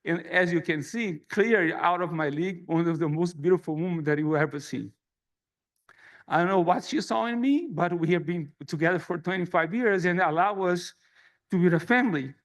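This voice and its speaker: A man's voice: sits high, fairly quick. A middle-aged man from Brazil with a Brazilian Portuguese accent, giving an earnest, self-deprecating presidential speech at a conference. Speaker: society president giving an address. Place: conference hall.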